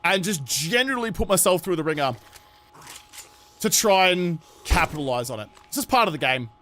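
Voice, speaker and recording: A man's voice: sits high, lively intonation, fairly quick, fairly bright tone, slight background noise. A young Australian man streaming a game, chatty and jokey, his voice worn and tired. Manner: chatty, jokey, self-mocking. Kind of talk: casual live-stream chat.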